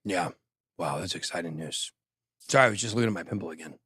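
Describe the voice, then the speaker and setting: A man's voice: low-pitched, fast talker, fairly bright tone, slightly rough, no echo, studio quality. A man hosting a crypto show in casual chat, joking and poking fun at himself while reading the news with tangents. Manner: joking, self-mocking, reads news with tangents.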